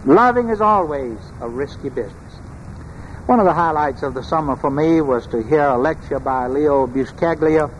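A man with a high voice preaches a sermon, measured and emphatic, and he pauses on rhetorical questions. His words ring through a large church with a long reverb, over a faint background hum. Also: lively intonation, highs cut off.

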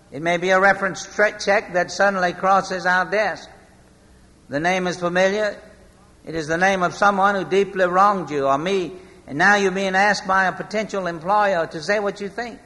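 Bright-voiced male preacher in a hall. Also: high-pitched. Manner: storytelling, slowing for emphasis. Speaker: pastor. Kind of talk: sermon. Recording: long hall reverb.

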